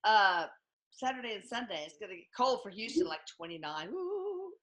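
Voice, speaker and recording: A woman host, chatting in a casual, self-mocking, animated way. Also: medium pitch, brisk, soft background music. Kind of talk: casual chat. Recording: echoey room.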